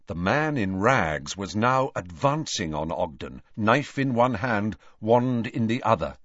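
A man narrating a story in a measured storytelling manner, in a dull, dry recording. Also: fairly low pitch, big pitch swings, fairly bright tone, no room sound. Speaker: audiobook narrator. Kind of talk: scripted narration.

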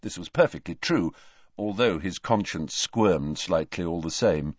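A man reading an audiobook aloud in an animated way. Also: sits low, a little slow, dry recording. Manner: animated, varied character voices. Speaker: narrator. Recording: dry, dull lo-fi.

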